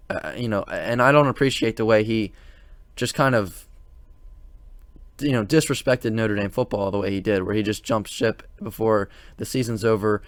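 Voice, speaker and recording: A man's voice: mid-range voice, dry recording. A man hosting a sports opinion channel, talking casually in a rambling way with many fillers and restarts, sounding exasperated. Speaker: sports commentary channel host.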